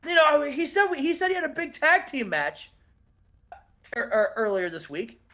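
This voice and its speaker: Man playing a jittery, excitable wrestler, high and loud. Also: moderate pace, heavily acted. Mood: frantic.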